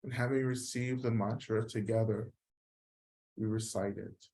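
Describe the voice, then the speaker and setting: A man teaching a guided meditation, speaking calmly and leading mantra chanting syllable by syllable with long pauses. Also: on the low side, slight background noise. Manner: slow, calm guidance with long pauses.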